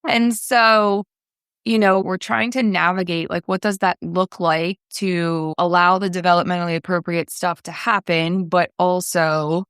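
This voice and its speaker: A woman's voice: fairly low pitch, fairly even intonation, measured pace, fairly bright tone, clear, resonant tone, no room sound, clean studio sound. A young woman calling in as a parent, talking earnestly and a little hesitantly. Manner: earnest, hesitant, many fillers. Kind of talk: casual chat.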